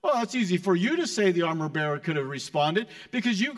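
A man preaching a sermon in a conversational way, restarting phrases and swinging between loud and soft delivery. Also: high-pitched, big pitch swings, fairly quick, few pauses. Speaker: pastor.

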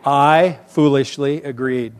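A middle-aged man, a pastor, teaching other preachers in a conversational, animated way with big swings in loudness. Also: mid-range voice, slow, smooth. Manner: conversational, animated storyteller with lively vocal swings.

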